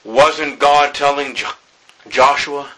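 A man's voice: fairly high pitch, fairly even intonation, takes it slowly, a bit bright, rough recording. A male pastor preaching a sermon, reading scripture and acting out its dialogue dramatically.

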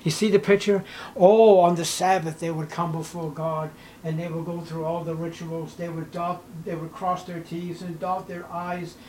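A male pastor preaches with a high-pitched voice, swinging between hushed, drawn-out lines and raised, punchy ones. A faint hum of ambient noise sits under the sermon. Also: level tone, low-quality recording.

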